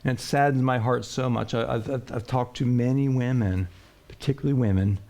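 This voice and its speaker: A pastor preaching a sermon in a plain-spoken way, asking rhetorical questions and swinging between a raised voice and a hush. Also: male voice, medium pitch, brisk, gravelly. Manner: plain-spoken, with colloquial phrases.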